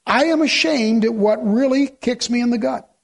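A man's voice: very high voice, moderate pace, creaky. A man preaching a sermon in church, quoting scripture and asking his congregation rhetorical questions, sometimes sarcastic. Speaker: pastor.

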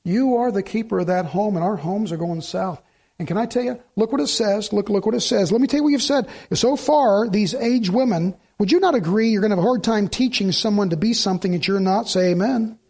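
A middle-aged male pastor with a notably high voice delivers a sermon. He is an animated storyteller who slips into the voices of the people he quotes and repeats his points for emphasis. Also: brisk.

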